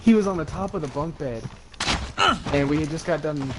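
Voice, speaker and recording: A man's voice: on the high side, moderate pace. A young man casually telling funny stories to friends, laughing through them as he goes. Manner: laughs through his own stories, loose and rambling. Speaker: podcast co-host. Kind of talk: casual storytelling among friends. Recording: loud background noise.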